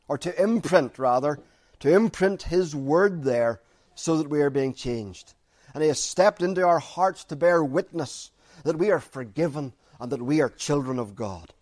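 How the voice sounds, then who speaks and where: Preacher, male, slightly high voice; repeats key lines, swings from emphatic to hushed. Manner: shifts from loud stresses to quiet, intimate asides. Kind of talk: sermon.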